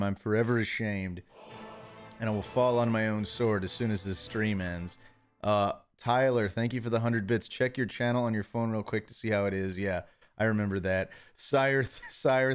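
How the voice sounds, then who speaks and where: A man's voice: lowish voice, clean tone. A male streamer in his home office, reading out chat messages and thanking viewers in a casual, stammering, self-mocking way.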